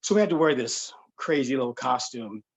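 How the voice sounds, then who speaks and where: A man telling a funny true story to an audience, animated and conversational, slipping into voices. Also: medium pitch, a little fast, husky. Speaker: solo performer and storyteller. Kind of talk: comedic live-streamed storytelling.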